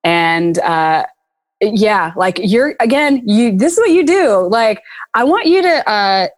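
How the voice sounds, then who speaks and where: A woman's voice: mid-range voice, big pitch swings, slow. Chatty woman podcast host. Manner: chatty, many fillers, emotional. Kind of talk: casual faith podcast chat.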